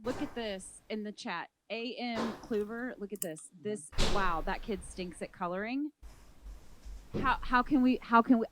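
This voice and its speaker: A woman cohost trash-talking in an online game, loud and exclamatory. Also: mid-range voice, unhurried. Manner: competitive, exclamatory. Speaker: podcast cohost. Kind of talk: playful banter. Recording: audible background noise.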